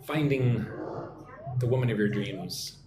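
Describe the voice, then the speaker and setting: A man from Texas with an American accent, hosting a live-stream English lesson, chatty and repeating phrases slowly for learners. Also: medium pitch, roomy sound, noisy background. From Texas, United States. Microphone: phone or computer mic for live stream.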